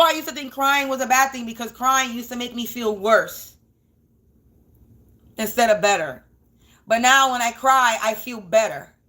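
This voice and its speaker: Woman, fairly high voice, defiant, emotional, repetitive vlog monologue. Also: bright, forceful tone. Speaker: spiritual reader and vlogger.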